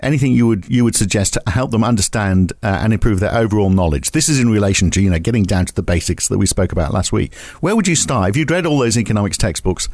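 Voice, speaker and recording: A man's voice: lowish voice, expressive, fast talker, hardly any pauses, darkish tone, no room sound, studio quality. Chatty, jokey male podcast host. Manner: jokey, chatty, with many fillers. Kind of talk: casual podcast chat.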